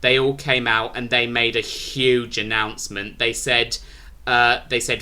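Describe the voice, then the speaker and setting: A man's voice: medium pitch, flat delivery, a little slow, sharp tone, clean tone. A British man rambling through a casual review of a wrestling show, restarting his sentences often. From Britain.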